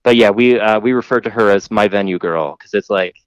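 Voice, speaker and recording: A man's voice: a little fast, clear, resonant tone, no room sound, poor audio. Man, casual podcast storyteller, rambling and profane, dry close sound. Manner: rambling, profane, mimics others in high voice. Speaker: podcast co-host telling a story.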